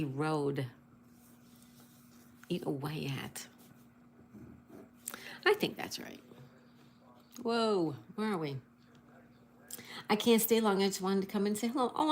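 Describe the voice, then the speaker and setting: A woman's voice: fairly low pitch, slight background noise. Chatty woman hosting a crossword livestream. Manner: greets viewers and reads chat aloud; spells out crossword answers letter by letter. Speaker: livestream host. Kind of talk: casual livestream chat.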